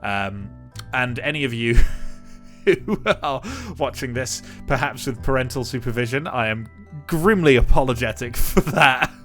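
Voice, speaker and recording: A man's voice: mid-range voice, a little slow, sharp tone, faint music behind. A man giving casual, rambling commentary over his own game build, chuckling often and poking fun at himself. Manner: chuckling, rambling, self-deprecating.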